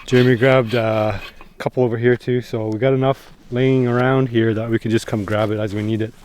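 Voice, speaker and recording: A man talking casually to the camera while winter camping, in a relaxed, rambling way. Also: mid-range voice, fairly quick, slight background noise. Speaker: vlogger. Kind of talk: casual outdoor vlog narration. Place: winter woods and canvas tent.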